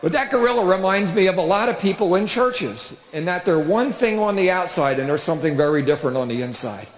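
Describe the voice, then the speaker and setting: High-voiced comedian in an echoey hall. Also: male voice, brisk. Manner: storytelling with big animated voices. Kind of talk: stand-up comedy talk. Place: church hall with live audience. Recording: roomy hall reverb.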